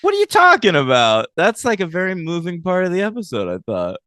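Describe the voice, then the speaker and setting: A man's voice: high-pitched, wildly swooping pitch, fairly quick, sharp tone, no room sound, studio quality. A man co-hosting a podcast, chatting casually and animatedly as he recaps a TV episode, teasing his co-host and laughing often.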